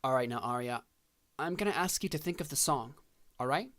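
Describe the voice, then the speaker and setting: A man voicing a gentle scientist father who coaxes his little daughter through tests, in a tabletop role-playing game. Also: mid-range voice, lively intonation, fairly quick, dry recording, clean studio sound, voice pushed up, natural voice. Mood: reassuring. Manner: reassuring, coaxing.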